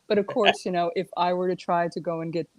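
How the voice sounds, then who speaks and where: Woman, low-ish voice, animated storyteller, laughs a lot, dry close sound. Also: fast talker, no room sound. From United States. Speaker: regular correspondent. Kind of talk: casual chat.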